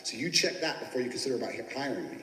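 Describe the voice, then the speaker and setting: A man's voice: mid-range voice, lively intonation, very fast, sharp tone, a little hiss or hum. A man giving a brash, boastful, profanity-laced motivational talk about sales and getting rich. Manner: brash, boastful, swears constantly. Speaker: business coach teaching sales. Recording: echoey room with long reverb.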